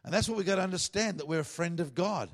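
A man's voice: high voice, fast talker. A middle-aged man with an Australian accent, preaching a sermon in a casual, conversational way with asides.

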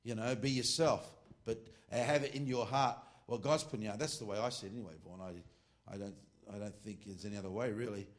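A man's voice: fairly low pitch, brisk, few pauses. A middle-aged Australian man preaching an informal sermon to a ministry class, rambling, joking and correcting himself as he goes. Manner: rambling and joking, with frequent asides and self-corrections.

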